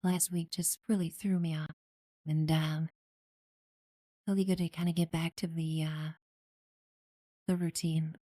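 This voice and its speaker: A woman's voice: low voice, flat delivery, a little slow, pauses often, dry recording. A woman streamer chatting casually during live gameplay, thanking new followers and talking about her community. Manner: friendly, thanks followers warmly, many fillers.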